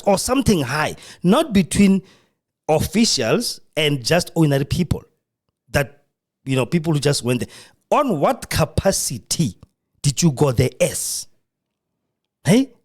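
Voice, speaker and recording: A South African man hosting a live radio podcast from a studio. He comments in a mocking, animated way and acts out the voices he quotes. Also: a little high. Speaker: podcast host.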